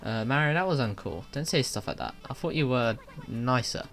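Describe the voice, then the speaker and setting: A man's voice: medium pitch, expressive, normal speed, fairly bright tone, faint music behind. A man voicing a spunky young female goomba companion in a game, blunt and teasing.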